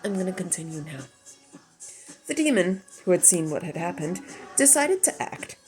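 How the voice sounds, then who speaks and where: Low-voiced woman reading her story. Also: very animated, moderate pace, darkish tone, faint music behind, poor audio. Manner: chatty, self-deprecating asides between narration. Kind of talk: story reading with casual asides.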